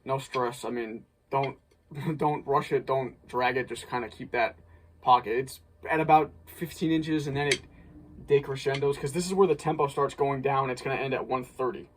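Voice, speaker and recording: A man's voice: mid-range voice, moderate pace, noisy background. A man casually breaking down a snare drum part as an instructor, thinking aloud with small restarts. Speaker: drumline instructor.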